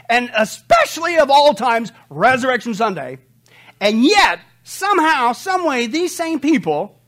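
Animated joking preacher, man. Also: high-pitched. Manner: animated, joking with the congregation, laughs often, shouts for effect. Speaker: pastor. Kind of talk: humorous sermon.

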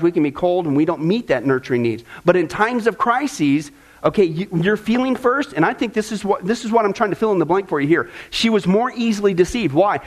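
A middle-aged pastor with a high voice teaches from Scripture in a casual, rambling way. He tells stories, stumbles over fillers and keeps checking in with his listeners. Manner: anecdotal, with frequent fillers and repeated words; checks in with listeners, asking "right?" and "okay?". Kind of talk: Bible teaching.

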